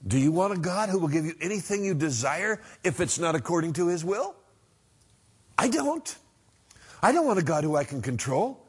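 A middle-aged pastor delivers a sermon in a husky, slightly higher-pitched male voice. He preaches in an earnest, conversational way, pressing hard on some lines and dropping to a hush on others. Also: very animated, moderate pace. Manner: earnest, conversational preaching with emphatic swings from loud to hushed.

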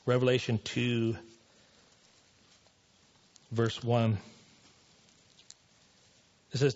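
Husky guy preaching real casual in a church, lots of "you know", muffled sound. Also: medium pitch, fairly even intonation, moderate pace. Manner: casual, with many fillers like "you know" and "man". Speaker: pastor. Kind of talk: casual sermon.

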